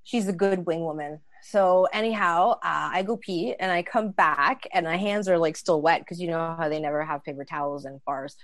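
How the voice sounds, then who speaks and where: A woman in her thirties telling a casual, animated story, acting out the lines of others. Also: on the low side, normal speed, hardly any pauses, no echo. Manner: animated, acts out dialogue. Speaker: storyteller guest.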